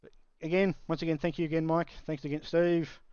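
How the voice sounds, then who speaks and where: A man's voice: a little high, little pitch movement, a little fast, a little mellow, smooth. A man hosting a podcast, chatting casually, often repeating words and laughing between phrases. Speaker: podcast host. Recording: dry, dull lo-fi mic.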